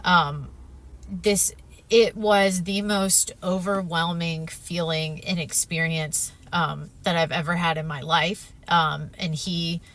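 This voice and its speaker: Earnest bright-voiced woman testifying. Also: lowish voice, steady tone, takes it slowly. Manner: earnest, emphatic, with frequent "um" and "if you will". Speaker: storyteller sharing a near-death experience. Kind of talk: personal testimony.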